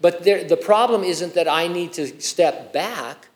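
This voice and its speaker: A man's voice: high voice, lively intonation, unhurried. A male pastor preaching a sermon, reading scripture and adding conversational, joking asides.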